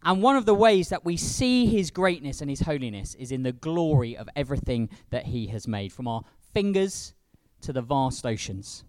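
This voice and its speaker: A man's voice: medium pitch, big pitch swings, moderate pace, no echo. A man leading a church service and preaching, acting out quoted lines with big rises in his voice. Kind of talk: sermon.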